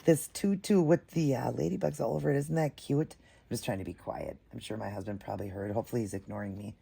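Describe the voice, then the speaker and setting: A woman's voice: a bass voice, fast, creaky, mellow, breathy edge. A woman vlogging at home, chatting casually and gushing over an unboxing as she talks to her viewers. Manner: gushing, chatty, addresses viewers as "you guys". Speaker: doll collector vlogger.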